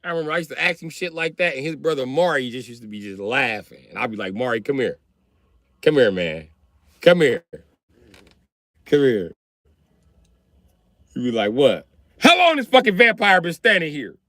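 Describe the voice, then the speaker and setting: A man in his thirties telling comic stories about his kids in an animated, profane way, jumping into high yelps. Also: moderate pace, pauses often, no echo, clean studio sound. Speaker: stand-up comedian. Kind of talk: stand-up storytelling.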